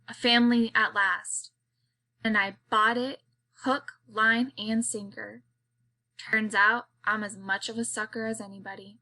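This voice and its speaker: Bright-voiced woman narrating an audiobook. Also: mid-range voice. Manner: steady storytelling in a girl's first-person voice. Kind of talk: first-person audiobook narration.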